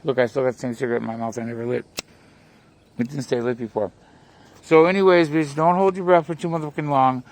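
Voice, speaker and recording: Gravelly man on a profane rant. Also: mid-range voice, steady tone, fast, a little hiss or hum. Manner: profane, insult-laden storytelling. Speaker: vlogger. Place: home, near a pet cat.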